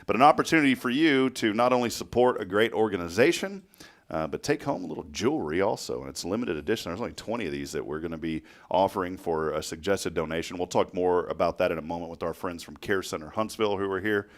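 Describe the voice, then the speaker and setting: A man with a somewhat low voice hosts a local morning talk show. He tells loose, rambling stories, stops for fillers and laughs often. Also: animated, quick pace. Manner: chatty storyteller, laughs often, many fillers. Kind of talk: casual chat.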